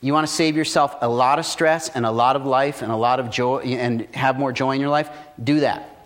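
A man's voice: medium pitch, a little fast. Blunt, profane man giving business advice. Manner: profane, blunt, animated storytelling. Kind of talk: casual motivational talk.

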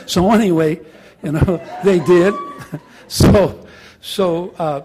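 An older man tells stories in a husky voice and a fairly high register. He jokes as he goes and drops into Spanish now and then. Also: slow pace, a little mellow. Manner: anecdotal, joking, switches into Spanish. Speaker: former high school teacher and counselor. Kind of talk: storytelling talk to an audience.

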